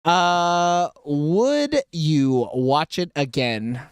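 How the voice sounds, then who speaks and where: A man's voice: a little high, expressive, very slow, clean tone, no echo. A man hosting a casual movie review podcast, laughing often and swearing freely as he asks the questions.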